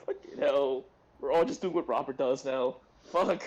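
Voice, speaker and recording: A man's voice: mid-range voice, moderate pace, a little mellow, highs cut off. A man playing a tabletop game, ranting with raw emotion and heavy swearing in casual chat.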